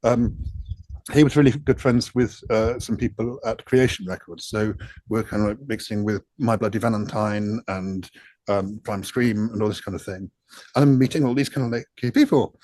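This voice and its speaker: A man's voice: medium pitch, moderate pace, a little mellow, husky, dry recording. Rambling, self-mocking man in dry sound. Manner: rambling, self-deprecating, swears freely, many fillers. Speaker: interview guest, music producer. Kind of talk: casual storytelling interview.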